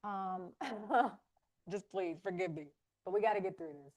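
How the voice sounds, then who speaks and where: A woman hosting a live faith-based wellness talk, animated and playful, acting out inner voices. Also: medium pitch, measured pace. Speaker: wellness session host.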